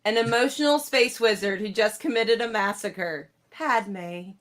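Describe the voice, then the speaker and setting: A woman's voice: medium pitch, measured pace, fairly bright tone. A woman co-hosting a casual podcast chat, giggling often. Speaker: podcast co-host.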